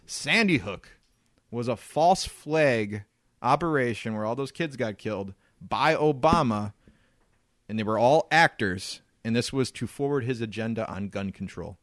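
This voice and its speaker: A man at middle pitch co-hosting a casual podcast. His voice sits close and dry, with no room around it. He talks in an animated way and laughs often. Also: a little slow, no room sound. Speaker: podcast co-host.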